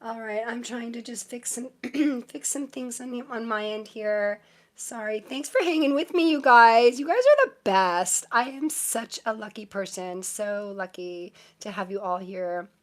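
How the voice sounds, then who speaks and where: Live-streaming tarot readings, a woman speaks at a measured pace in a slightly high, animated voice. Her manner is chatty and full of fillers, and she thanks her viewers frequently while reading the cards.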